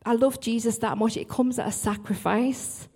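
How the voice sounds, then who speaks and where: Woman, worship leader, church testimony, earnest, restarts often, slightly high voice. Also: fairly even intonation, normal speed, a little mellow, slightly rough. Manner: earnest, self-interrupting, apologetic asides.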